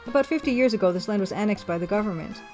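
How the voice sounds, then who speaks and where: Calm thoughtful man for a story game, measured and wry, read lightly by a woman. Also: medium pitch, soft background music, close to an everyday voice. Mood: earnest.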